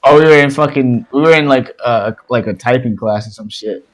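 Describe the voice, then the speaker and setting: A man's voice: mid-range voice, a little fast, poor audio. Young man, blunt casual storytelling. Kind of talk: casual chat.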